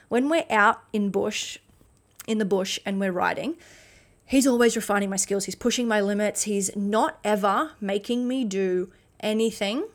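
A woman giving a blunt motivational monologue as a podcast host, swearing freely and restarting sentences. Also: medium pitch. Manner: acts out quoted voices in animated bursts.

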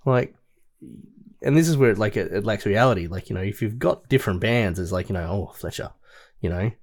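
Male podcast co-host, low-pitched, chatty, rambling delivery full of fillers. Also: expressive, brisk. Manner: rambling, lots of "like" and "you know". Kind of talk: casual film discussion.

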